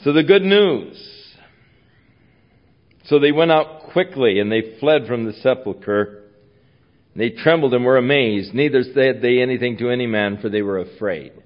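A man's voice: mid-range voice, a little slow, muffled recording. A male pastor giving a conversational sermon, retelling scenes and repeating himself.

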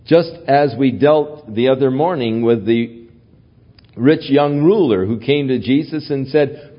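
A man preaching a sermon as pastor, teaching from the Bible in a measured way. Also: mid-range voice. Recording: dull lo-fi recording.

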